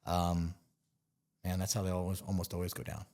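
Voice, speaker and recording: A man with a notably low-pitched voice talks easily as an interview guest. He explains in a relaxed, conversational way and sometimes acts out little scenes to make a point. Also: fairly quick. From Montana. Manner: relaxed, explains with playful acted-out asides. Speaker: bear expert guest. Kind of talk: casual interview talk.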